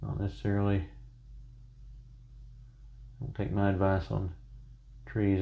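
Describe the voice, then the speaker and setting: Chatty low-voiced man teaching painting. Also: completely flat delivery, normal speed, gravelly, pauses often, narrow, tinny audio. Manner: chatty, self-joking, rambling asides. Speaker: painting instructor. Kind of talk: casual painting tutorial.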